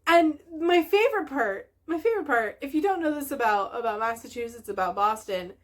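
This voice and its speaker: Woman host, casual vlog chat, bubbly and giggly, slightly high voice. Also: lively intonation, a little fast. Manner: bubbly, gushing, laughs often. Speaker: host of a knitting video podcast.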